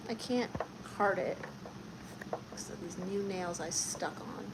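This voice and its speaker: A woman's voice: lowish voice, slow pace, heavy background noise. A woman hosting a casual live stream, chatting and reading viewer comments aloud before answering them. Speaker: livestream host.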